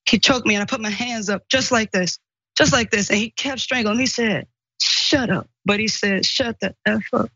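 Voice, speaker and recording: Woman guest in an archive clip, lively storytelling, dull dry sound. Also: a little high, brisk, breathy edge, dry recording. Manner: animated storytelling, acts out quoted speech. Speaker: guest recounting an assault. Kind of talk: emotional first-person account.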